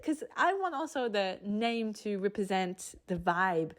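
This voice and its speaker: A woman's voice: medium pitch, big pitch swings, a little slow. French-accented woman, solo podcast host; casual, tangent-prone, laughs a lot, slightly stuffy nose. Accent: French, mixed with other influences. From France.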